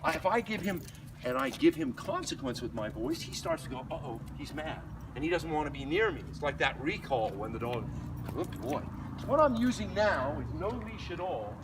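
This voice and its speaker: A man's voice: a little high, very animated, normal speed, gravelly. A man working as a dog trainer, explaining a leash lesson outdoors while walking, often breaking off to praise the dog in a light voice. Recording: distant mic, noisy outdoor.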